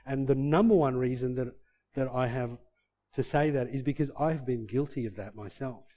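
Expressive male preacher, mellow voice. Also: moderate pace, lo-fi sound. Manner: expressive, swings between loud emphatic bursts and quiet low asides. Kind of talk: sermon.

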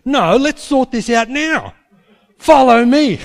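A man quoting an angry acting school principal in a loud, emphatic voice. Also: sits high, lively intonation, brisk, voice pushed up. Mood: indignant.

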